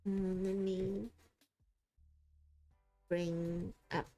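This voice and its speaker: A woman's voice: medium pitch, flat delivery, extremely slow, warm tone, faint music behind. A woman streaming live while she draws, chatting casually with viewers and laughing often. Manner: giggly and chatty, often laughing mid-sentence. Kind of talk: casual livestream chat.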